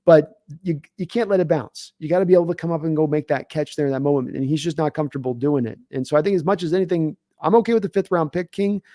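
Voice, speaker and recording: A man's voice: fairly high pitch, steady tone, fast talker, few pauses, dark tone, no echo, clean studio sound. A man hosting a live sports talk stream, rambling with many fillers and restarts. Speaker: podcast host. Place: home studio, live stream.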